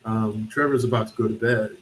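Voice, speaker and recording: Relaxed male movie-review co-host, easygoing chat, light background hiss. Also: fairly low pitch, a little fast, poor audio. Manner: relaxed, with fillers while searching for words. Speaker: film review show co-host. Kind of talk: casual film review chat. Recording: faint background noise.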